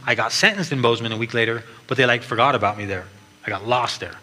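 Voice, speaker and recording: A man's voice: medium pitch, quick pace, sharp tone. A man giving an earnest personal testimony at church, telling his story with frequent restarts. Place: large church hall. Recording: long hall reverb, faint background noise.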